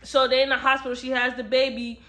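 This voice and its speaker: A young woman hosting a casual book review, retelling the plot in a chatty, animated way with slang. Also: sits high, quick pace.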